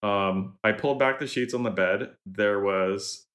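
Man, podcast co-host, lowish voice, relaxed hesitant storytelling. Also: unhurried. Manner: relaxed, hesitant, filler-heavy. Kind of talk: casual storytelling.

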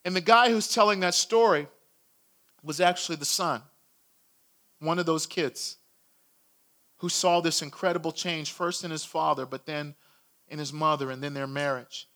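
A man's voice: a little high, normal speed, long pauses, bright, forceful tone. A male pastor telling a story in a sermon, earnest and building in intensity.

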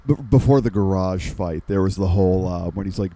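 A man co-hosting a casual podcast, speaking with hesitant, halting starts. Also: sits low, steady tone, mellow. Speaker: podcast co-host. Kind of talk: casual chat.

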